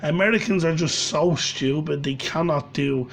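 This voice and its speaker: A man's voice: on the high side, moderate pace, vocal fry. A man with a Dublin accent, ranting angrily with a lot of swearing, repeating himself as he goes. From Ireland. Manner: angry, sweary, repetitive. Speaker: channel host. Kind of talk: ranting monologue.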